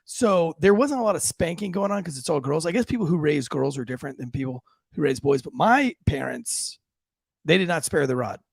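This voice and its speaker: A man hosting a casual podcast chat, telling family stories and acting out quotes with lively jumps in his voice. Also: fairly quick, vocal fry, dry recording. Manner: animated, acts out quotes with big pitch jumps. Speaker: podcast host.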